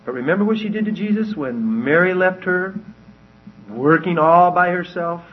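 A man's voice: sits high, normal speed, slightly rough. A man teaching verse by verse from the Bible in a conversational way, often asking his listeners questions. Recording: dull lo-fi recording.

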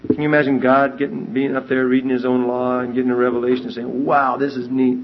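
A man's voice: mid-range voice, fast talker, over music. Emphatic man teaching Bible verses, lo-fi. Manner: emphatic, animated, reads scripture aloud in King James wording. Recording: dull lo-fi recording.

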